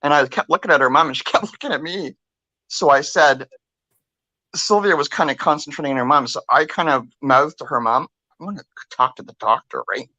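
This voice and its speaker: An older woman co-hosting a talk show, telling a story in a chatty, animated way, acting out what others said and swearing freely. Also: sits low, a little fast, no room sound. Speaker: podcast co-host. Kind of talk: casual storytelling.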